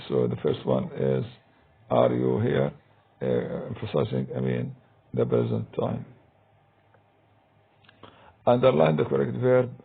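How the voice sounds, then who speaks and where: A man teaching English grammar in a recorded lesson, talking slowly and hesitantly with many fillers, with a deep gravelly husky voice. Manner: slow, hesitant, many "uh" and "I mean". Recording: tinny phone-like recording.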